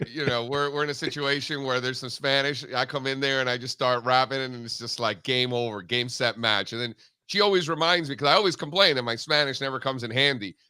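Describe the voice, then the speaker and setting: A male host chats about markets in a loose, joking way, with plenty of fillers along the way. His voice is bright and forceful. The sound is dry and close. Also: mid-range voice, steady tone, a little fast, smooth, no echo. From Cuban background. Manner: chatty, joking, many fillers. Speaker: show host. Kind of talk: casual market talk show chat.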